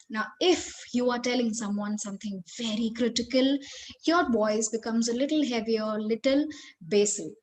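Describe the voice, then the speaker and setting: A woman with an Indian English accent leading a live online training webinar, speaking expressively and addressing her audience directly. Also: high voice. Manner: expressive, varies tone and stress, engages the audience directly. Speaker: corporate trainer.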